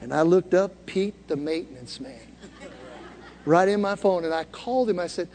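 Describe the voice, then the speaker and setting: A man's voice: sits high, moderate pace, darkish tone, in a large hall, a little hiss or hum. A man preaching to a congregation, telling a story conversationally and building to calls for them to repeat after him. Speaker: pastor. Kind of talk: sermon. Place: church hall before a congregation.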